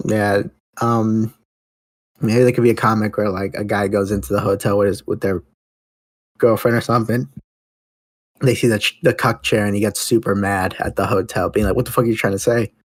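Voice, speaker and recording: A man's voice: fairly low pitch, steady tone, normal speed, pauses often, no echo. A man hosting a podcast in casual comedic chat, rambling, laughing often and acting out silly scenes. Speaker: podcast host.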